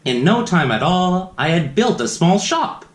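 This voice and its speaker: A man's voice: high-pitched, very animated, measured pace. A man reads a rhyming children's book aloud, his voice swooping widely up and down. He takes his time and stops for playful asides to his young listeners. The sound carries a roomy echo. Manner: sing-song rhyming reading with playful asides. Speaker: children's story reader.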